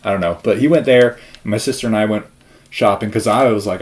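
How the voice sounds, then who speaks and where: A man's voice: lowish voice, fast talker, slight background noise. A young man from the Spokane area, chatting in a rambling vlog, slightly out of breath and prone to tangents. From Spokane area, US Pacific Northwest. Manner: rambling, self-interrupting, chatty. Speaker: vlogger.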